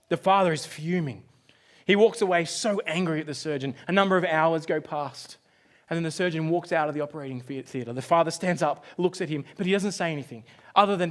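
A man preaching from the pulpit, his voice sitting a little higher than most. He tells his story dramatically, rising to loud outbursts and then dropping to near-whispers. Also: brisk. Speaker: pastor. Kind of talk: sermon.

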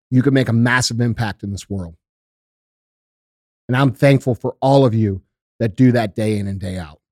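A man's voice: medium pitch, a little mellow, no room sound, studio quality. A young man hosting a show, giving a heartfelt, emotional monologue to his viewers with earnest passion and some swearing. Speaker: show host.

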